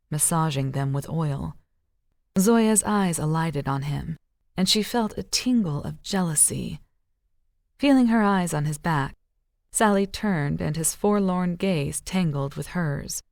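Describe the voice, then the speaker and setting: A woman reading an audiobook in a measured, even storytelling manner. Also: deep voice, vocal fry, no echo, clean studio sound. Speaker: audiobook narrator. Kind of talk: scripted audiobook narration.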